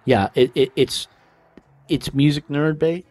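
A man's voice: a little high, steady tone, measured pace, darkish tone. A man hosting a music show, chatting casually about records in a loose, rambling way, with fillers and self-corrections. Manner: laughs lightly between remarks. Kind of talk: casual music review chat.

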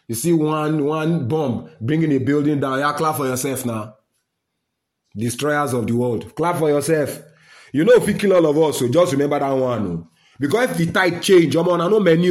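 A man with a Nigerian accent giving an impassioned monologue, mixing Pidgin and English, firing rhetorical questions and swinging between loud outbursts and low mutters.

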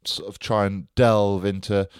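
Low-voiced man joking on a podcast. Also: level tone, unhurried, smooth, no echo, clean studio sound. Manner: jokey, teasing. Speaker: podcast co-host. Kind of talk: casual banter.

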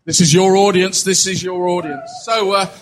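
A man with a fairly high voice co-hosts a relaxed chat show, teasing his guest in a playful way. A faint hiss sits behind his voice. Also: moderate pace. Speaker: co-host. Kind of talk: casual chat.

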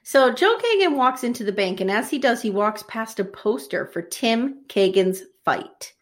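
A woman co-hosting a podcast, casually recapping a TV episode with jokey, animated storytelling. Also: a little high, moderate pace. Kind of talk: casual chat.

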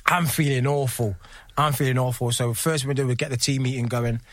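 A man's voice: mid-range voice, steady tone, fairly quick, no echo. A man, a former footballer, telling a casual story as a podcast guest. He laughs often and acts out what other people said.

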